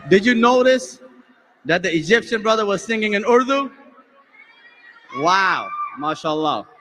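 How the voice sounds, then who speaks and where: A man's voice: a little slow, big-room sound, rough recording. A man from the United States hosting on stage, telling a stand-up anecdote and acting out the dialogue. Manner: animated storyteller, acting out dialogue with lowered voices. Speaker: emcee host. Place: large convention hall stage.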